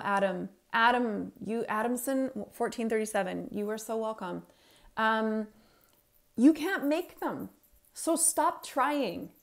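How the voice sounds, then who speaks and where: A woman's voice: high-pitched, a bit bright. Emphatic woman giving a motivational talk. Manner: emphatic, addresses audience directly, repeats key points. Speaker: parenting coach and speaker.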